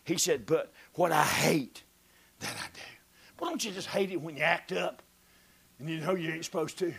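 Preacher guy, high and really animated, exclaims then goes to whispers. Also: moderate pace, gravelly, breathy edge. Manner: fervent, exclaiming, dropping to whispers. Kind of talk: sermon.

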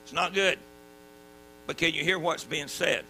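Southern guy preaching in church, sharp bright tone, faint mains hum. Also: fairly high pitch, measured pace, vocal fry, poor audio. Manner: folksy, emphatic preaching with sudden drops to quiet. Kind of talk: sermon.

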